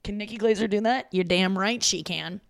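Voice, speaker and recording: Vocal fry colors this woman's medium-pitched voice as she speaks at a moderate pace. A comic in her thirties from St. Louis, United States, she delivers a casual, self-deprecating, profane solo podcast monologue at her parents' home, recorded dry at studio quality.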